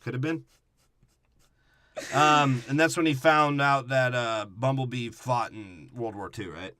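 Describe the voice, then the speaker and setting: A man in relaxed podcast chat with a bright, forward tone and a mid-range voice. He riffs crudely on a movie, jumping into quick mock voices for characters. The sound is close and dry. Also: medium pitch, no echo. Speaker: podcast co-host. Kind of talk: casual movie-review chat.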